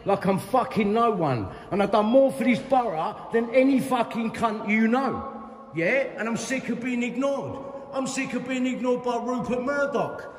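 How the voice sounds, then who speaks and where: A man's voice: very high voice, lively intonation, moderate pace, slight background noise. A middle-aged man with a London accent, ranting angrily and profanely while filming a complaint on his phone. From London, England. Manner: profane, repetitive, heated. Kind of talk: angry confrontational rant. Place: hospital waiting area, indoors. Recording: echoey hall with long reverb.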